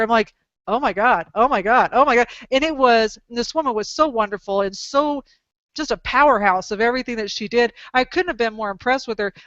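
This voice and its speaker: A woman hosting a dog training talk show, telling long animated stories with exclamations and restarts. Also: fairly high pitch, no echo, lo-fi sound. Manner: animated, rambling anecdotes with exclamations. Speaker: podcast host, dog trainer. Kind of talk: casual storytelling chat.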